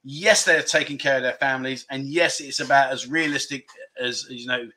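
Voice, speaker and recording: Chatty bright-voiced English man. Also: medium pitch, moderate pace. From England. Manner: chatty, rambling, self-deprecating. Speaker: livestream host. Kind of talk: casual live chat reading viewer comments. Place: indoors at home.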